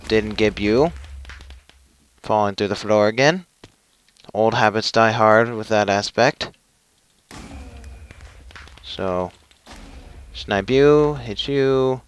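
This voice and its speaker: A man's voice: lowish voice, very slow, long pauses, smooth. A young man commentating his own gameplay, with frustrated, self-mocking outbursts. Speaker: gaming channel host.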